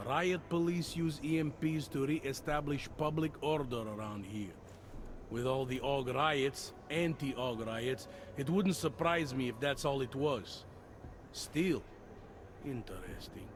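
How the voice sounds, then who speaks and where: An actor playing a world-weary middle-aged police detective in a video game, dry and matter-of-fact. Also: male voice, medium pitch, takes it slowly, slight background noise, close to an everyday voice. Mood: stern.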